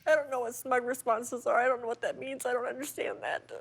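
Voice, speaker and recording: A woman's voice: on the high side, fairly even intonation, fast, gravelly, slightly rough. A woman on a talk show as a guest, agitated and accusing, repeating herself. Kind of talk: emotional confrontation.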